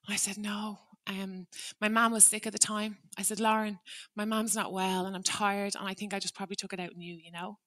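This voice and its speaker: A woman in middle age speaks from a stage in a bright, forward voice at an ordinary pitch. She tells her story earnestly and reflectively, acting out both sides of a conversation. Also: steady tone, fairly quick. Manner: earnest, reflective, acts out dialogue. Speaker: teacher turned restorative practice trainer. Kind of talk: prepared public talk with storytelling.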